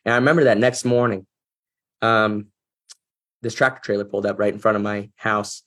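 A man's voice: lowish voice, steady tone, normal speed, a bit bright. A man guest on an interview show, earnestly telling a personal story in a reflective, heartfelt way. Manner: earnest, reflective, emotional at times. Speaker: podcast guest, business executive.

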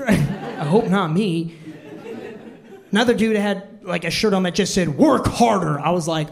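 A man's voice: high-pitched, unhurried, vocal fry, pauses often, a crowd in the background. A man performing a self-deprecating stand-up set on a theatre stage, acting out both sides of the dialogue. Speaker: stand-up comedian. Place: live comedy theatre stage with audience. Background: audience laughter.

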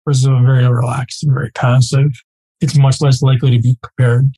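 A man teaching a live group as a coach, speaking casually and emphatically, often checking in with a quick "right?". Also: mid-range voice, little pitch movement, mellow, husky, low-quality recording.

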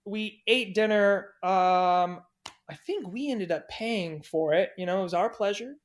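High-voiced man telling wild stories. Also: a little slow. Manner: profane, animated, acts out quoted people. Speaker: podcast guest. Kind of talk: casual anecdote storytelling.

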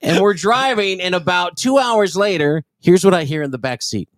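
A man spinning a long, profane comedy story with a voice that swings up and down all over the place. He sits slightly high for a man and keeps laughing through his own tale. The sound is close and dry, with no room around it. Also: animated, moderate pace, no room sound. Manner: profane, rambling, laughing while telling the story. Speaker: podcast co-host.

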